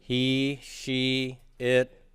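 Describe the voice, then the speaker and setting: A man's voice: medium pitch, completely flat delivery, drawn-out words, a bit bright, clean tone, no echo. Patient man teaching a grammar lecture. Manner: patient, drills students in chanted repetition. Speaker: Greek teacher. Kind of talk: classroom lecture.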